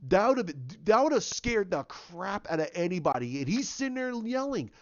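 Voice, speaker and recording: A man giving a casual spoken movie review, excited and rambling, restarting and repeating his words. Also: high-pitched, brisk, highs cut off. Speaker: film reviewer.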